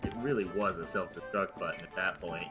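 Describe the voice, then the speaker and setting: A man's voice: deep voice, fairly even intonation, a little fast, music in the background. A young man chatting during a game, adding dry quips. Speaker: gaming co-player. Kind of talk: casual gaming chat.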